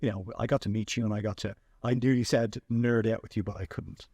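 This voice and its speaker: An Irish man hosting a podcast, telling animated anecdotes in a casual chat with frequent restarts. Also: fairly low pitch, fast talker, no room sound. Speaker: podcast host and filmmaker.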